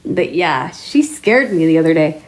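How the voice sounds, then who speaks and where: A woman vlogger chatting casually to her viewers, telling stories in a chatty way with mild swearing and drawn-out exclamations. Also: low voice, animated. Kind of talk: casual chat to camera.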